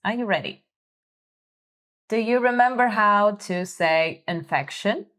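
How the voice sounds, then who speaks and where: Woman teaching vocab real slow, careful clear pronunciation, host of a lesson. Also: medium pitch, fairly bright tone. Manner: careful, clear enunciation for repetition.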